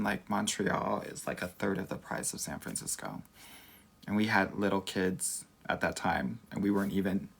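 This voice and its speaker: Sassy creaky-voiced Southern California man. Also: on the low side. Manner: sassy, campy, says "girl" constantly. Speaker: dating coach. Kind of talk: casual livestream Q&A.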